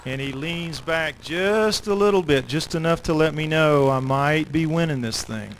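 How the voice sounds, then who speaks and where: A middle-aged man, an author and lecturer, telling a story to an audience in an animated way with dramatic pauses. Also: on the high side, a little hiss or hum, poor audio.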